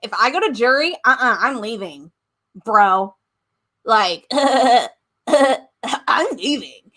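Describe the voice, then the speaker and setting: A whiny, brash young guy who keeps calling everyone "bro", as a young woman mocks him. The voice stays close to her own, slow and a little high, with a sneering edge. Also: animated, sharp tone, exaggerated voice. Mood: mocking. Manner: mocking, bro-speak. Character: brash young male reality contestant, whiny.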